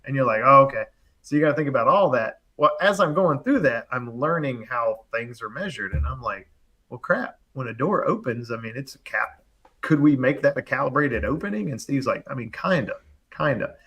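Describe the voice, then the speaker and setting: A man in casual conversation, telling a story with lots of energy. He throws in fillers and quick acted-out quotes, and his voice sits at a middle pitch. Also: breathy edge, highs cut off. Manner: animated, fast storytelling full of "like" and acted-out quotes. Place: live online show, remote.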